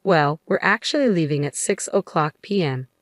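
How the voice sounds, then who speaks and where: A woman's voice: low voice, lively intonation, normal speed, no echo, studio quality. A woman voicing a smug, mocking middle-aged mother-in-law in a narrated story, with a taunting manner.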